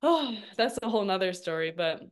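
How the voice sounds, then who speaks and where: A woman's voice: mid-range voice, animated, fairly quick. A woman in her thirties telling her story as a guest in a casual interview, chatty and laughing often. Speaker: guest, registered dietitian.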